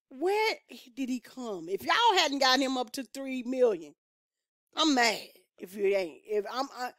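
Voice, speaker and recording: A woman hosts a music reaction vlog in a loose, excitable way, full of loud exclamations and quick laughs. Her voice sits fairly high with a sharp, bright edge. The sound is dry and close, with little room around it. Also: dry recording. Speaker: music reaction channel host. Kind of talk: casual reaction vlog chat.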